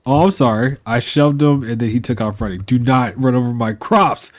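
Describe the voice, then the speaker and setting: A man's voice: medium pitch, fairly even intonation, normal speed, few pauses. A man streaming live gameplay, chatting to his viewers and scolding the animals in the game, laughing and exasperated.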